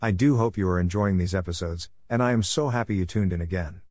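Brief: upbeat male podcast host, lowish voice, dry close-mic sound. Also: quick pace, darkish tone, dry recording. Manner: friendly, upbeat announcing. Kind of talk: scripted podcast intro and sponsor reads.

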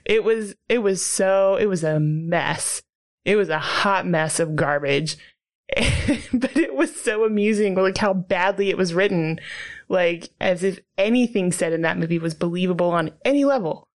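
A woman's voice: fairly low pitch, normal speed. Chatty laughing woman reviewing a film. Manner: chatty, laughing often, heavy use of "like". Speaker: podcast co-host reviewing a movie. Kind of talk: casual chat.

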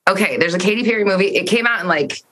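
A woman's voice: medium pitch, rapid-fire, a bit bright. A woman host in casual chat, rambling animatedly about shows that make her cry, cursing freely.

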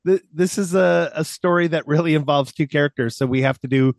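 A man's voice: a little high, brisk, no echo. A man co-hosting a podcast in casual banter, teasing and telling a story. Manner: teasing, restarts and laughs.

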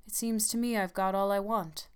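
A woman's voice: mid-range voice, steady tone, normal speed, clear, resonant tone, lightly acted. A woman reading as a curious old man who keeps asking questions. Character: curious, easily tempted old father.

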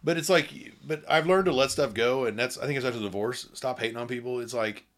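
A man's voice: medium pitch, quick pace. A man in his forties, a podcast guest, chatting candidly in a blunt, rambling way with many restarts. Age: 40s. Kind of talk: casual conversation.

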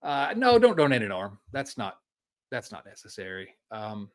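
A Midwestern American man in his 40s co-hosts a podcast of casual sports talk. He's animated and chatty with a lively pitch, and he laughs easily and often.

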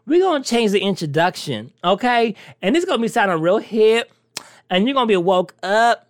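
A brash, teasing talk show host chatting casually to the audience. The pitch leaps and swoops all over in an animated way. The sound is dry and close, with no room around it. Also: normal speed, dry recording. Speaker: podcast host. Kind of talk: casual solo chat.

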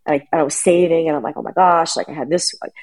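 Soft-voiced woman telling a rambling story. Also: deep voice, fairly even intonation, rapid-fire, poor audio. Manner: rambling storyteller with many restarts and fillers. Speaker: guest. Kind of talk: casual chat.

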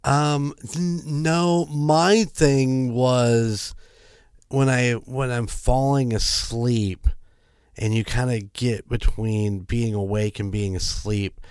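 A man co-hosting a podcast, talking in a rambling, halting way with many fillers. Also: mid-range voice, fairly even intonation, darkish tone, smooth, no echo, clean studio sound. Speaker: podcast co-host. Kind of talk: casual chat.

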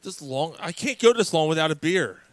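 A man's voice: fairly high pitch, expressive, fairly quick, no room sound. A man hosting a podcast in casual chat, rambling and swearing a lot between laughs. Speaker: podcast host.

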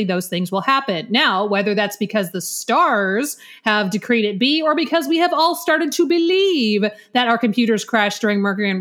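A woman's voice: a little high, a bit bright. An American woman co-hosting a podcast, chatting casually in a playful, teasing, mock-serious way. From United States. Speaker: podcast co-host.

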